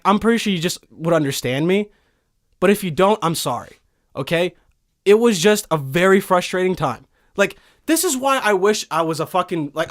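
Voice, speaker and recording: A young man hosting a podcast from a studio, telling a profane, animated comic rant full of swearing. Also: high-pitched. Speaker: podcast host.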